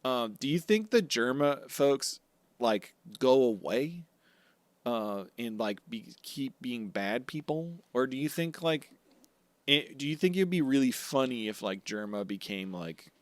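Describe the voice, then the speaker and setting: A man co-hosting a casual podcast, recapping the story with lots of energy. He drops into quick, goofy voices for the characters. The sound is dry and close to the mic. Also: medium pitch, no echo. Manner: animated, acts out characters in quick silly voices. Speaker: podcast co-host. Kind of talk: casual chat recapping anime episodes.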